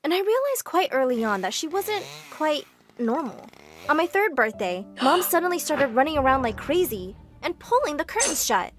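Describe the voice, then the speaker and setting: A woman narrating an animated story in the first person, in an animated, expressive storytelling manner. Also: high voice, moderate pace.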